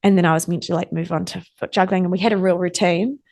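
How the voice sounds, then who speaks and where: A woman's voice: lowish voice, fairly even intonation, fast, a little mellow. A young woman sits in for a casual interview. She tells her stories in a loose, chatty way full of fillers and acts out what people said to her. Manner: chatty storyteller, lots of "like", acts out quoted exchanges. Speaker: interview guest.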